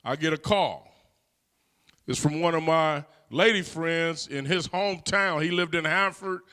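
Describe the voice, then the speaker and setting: Man, middle-aged, from california, somewhat high voice, relaxed storytelling, lots of "you know". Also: measured pace, clean tone. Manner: conversational, frequent "you know" fillers. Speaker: guest. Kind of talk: personal storytelling.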